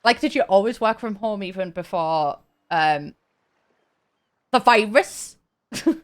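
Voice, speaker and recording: A young woman chatting and laughing while she streams a game, talking in halting bursts with frequent restarts. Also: medium pitch, lively intonation, smooth. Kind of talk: casual live-stream chat while gaming.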